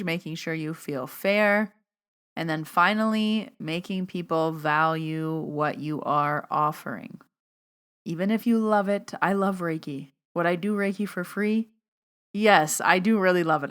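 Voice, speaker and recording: A woman's voice: lowish voice, fairly bright tone, clear, resonant tone. A woman hosting a solo podcast as a medium, chatty and storytelling, acting out what people said. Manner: chatty storytelling, acts out quotes.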